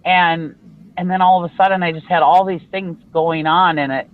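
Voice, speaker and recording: This live show regular, a woman from Minnesota, speaks at a moderate pace in a fairly low, steady voice. She's a blunt, chatty storyteller who laughs a lot, and her casual video-call chat sounds phone-quality.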